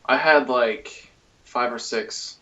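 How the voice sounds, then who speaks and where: A man's voice: mid-range voice, pushed and bright, far from the mic, dull audio. A man co-hosting a casual talk show, reading a news story aloud with many fillers and restarts. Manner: loose, halting delivery with many fillers. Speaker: podcast co-host.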